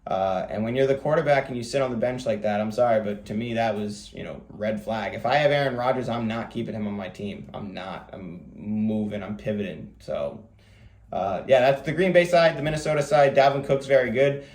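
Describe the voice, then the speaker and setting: A man hosting a fantasy football show, talking quickly in a casual, rambling way with lots of fillers. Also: on the low side, a little mellow, reverberant. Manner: rapid, rambling delivery with many fillers. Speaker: fantasy football podcast host. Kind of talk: casual solo commentary.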